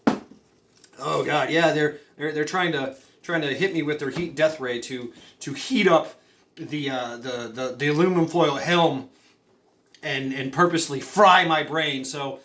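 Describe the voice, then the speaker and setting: A man's voice: fairly high pitch, unhurried. A man giving mock-serious survival advice in a rambling comedy monologue, full of fillers and stammered restarts. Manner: rambling, with many fillers, stammered restarts and deadpan conspiracy talk. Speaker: comedy vlogger.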